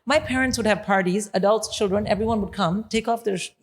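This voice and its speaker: A woman's voice: medium pitch, fast, in a large hall, a little hiss or hum. Woman from India telling stories. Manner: storytelling, explaining with lists. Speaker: comedian guest. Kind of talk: live podcast chat.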